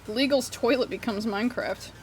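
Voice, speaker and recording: A woman's voice: a little high, brisk, soft background music. A young woman streaming from her room, chatting casually, rambling, swearing freely and cutting off words. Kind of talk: casual livestream chat while drawing.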